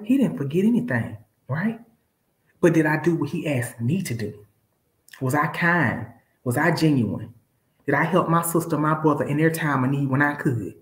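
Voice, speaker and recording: A woman speaks to her live audience with a preacher's drive, leaning hard on each point and calling her viewers y'all. Her pitch swings widely from low and firm to high and excited. The sound has a roomy echo around it. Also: normal speed. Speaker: live-stream seller. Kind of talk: motivational live-stream talk.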